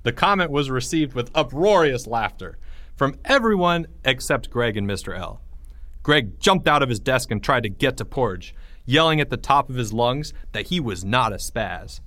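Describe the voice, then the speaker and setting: A man reading a children's story aloud in a playful, expressive way. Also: medium pitch, normal speed, dry recording. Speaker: narrator.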